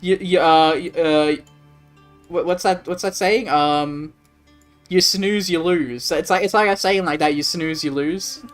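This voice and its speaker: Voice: medium pitch, a little slow. Aussie streamer rambling over a game, swears a lot, faint music behind. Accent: Australian. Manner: rambling, casual swearing, answers chat. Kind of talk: casual live-stream chat.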